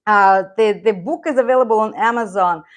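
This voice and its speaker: Brisk and mid-range, the voice belongs to a middle-aged Russian-accented woman, a native speaker who runs a channel and teaches Russian. On her live stream she chats in a rambling way, reads viewer comments and laughs frequently.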